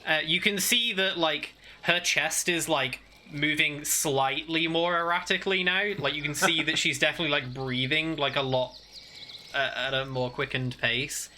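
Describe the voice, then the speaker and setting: A man's voice: a little high, steady tone, normal speed, bright, forceful tone. A man with a British accent, narrating a tabletop game as game master in a hesitant, filler-heavy way.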